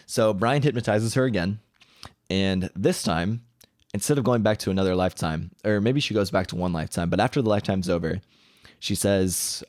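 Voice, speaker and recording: A man's voice: on the low side, normal speed, no echo, studio quality. A man casually retelling a story from a book, rambling and correcting himself as he acts out quoted dialogue.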